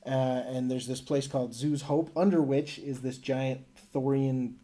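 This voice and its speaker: Man, podcast host, mellow voice, animated storytelling. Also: medium pitch, measured pace. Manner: animated storytelling, acts out quotes. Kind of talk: casual podcast chat.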